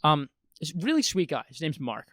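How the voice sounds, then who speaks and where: A man's voice: on the high side, very animated, brisk, a bit bright, no room sound, studio quality. A young man co-hosting a podcast, telling a rambling story in casual chat with lots of ums and laughs. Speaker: podcast co-host.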